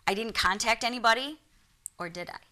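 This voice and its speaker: A woman's voice: on the high side, a little fast, pushed and bright. A woman with a Michigan accent, a guest on a TV talk show, telling her own experiences earnestly and acting out the voices she quotes. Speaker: guest, psychic medium. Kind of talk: storytelling in a TV interview.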